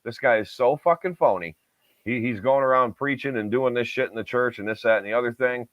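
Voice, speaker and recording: A man's voice: medium pitch, a little fast, dry recording, lo-fi sound. A man co-hosting a podcast, ranting heatedly and swearing a lot in casual chat. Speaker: podcast co-host.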